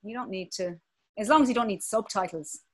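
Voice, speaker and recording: An Irish woman in her thirties, an actress talking in an interview, animated and passionate. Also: mid-range voice, fairly quick. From Ireland. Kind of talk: conversational interview.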